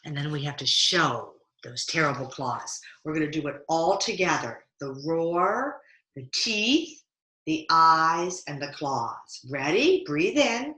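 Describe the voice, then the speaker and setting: A woman's voice: deep voice, animated, slow, pushed and bright, echoey room. A woman teaching yoga to children over a video call, playfully coaching them through a picture-book story. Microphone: video call mic.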